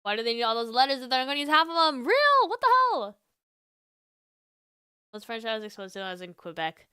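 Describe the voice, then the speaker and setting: Woman streamer, casual chat, giggly and lively, sharp bright tone, dry close sound. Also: a little high, rapid-fire, clean tone, no room sound. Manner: giggly, animated, chatty with many fillers.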